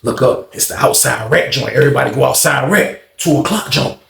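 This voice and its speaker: A man telling a story in a casual, animated, slangy way, acting out the scenes. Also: mid-range voice, fairly quick, vocal fry, echoey room.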